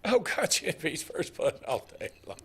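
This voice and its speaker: A man's voice: a little high, very animated, moderate pace, breathy edge. A man co-hosting a casual sports talk radio show, arguing his picks and joking with the host.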